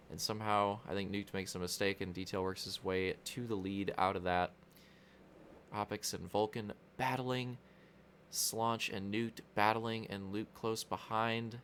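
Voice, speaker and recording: A man's voice: on the low side, fairly bright tone, a little hiss or hum. A young man giving casual, joking commentary on a video game race, rambling into crude asides.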